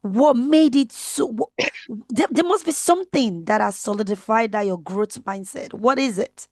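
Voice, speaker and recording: A woman interviewing a guest, mostly giving short affirmations and asking gentle questions. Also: fairly high pitch, unhurried, no room sound. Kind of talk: conversational interview.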